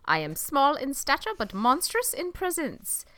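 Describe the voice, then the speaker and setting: A woman's voice: huge pitch swings, takes it slowly, no echo, clean studio sound, exaggerated voice. Hans Landa, a woman hamming up a smug villain. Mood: hammy. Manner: hammy put-on foreign accent, slightly higher and louder. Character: smug evil male Nazi colonel, film villain.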